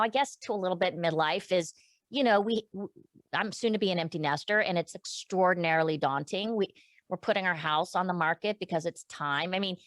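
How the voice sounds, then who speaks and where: A middle-aged woman, a podcast guest, speaks candidly and emotionally in a casual interview, restarting often and using many fillers. Her voice sits on the low side, with no echo.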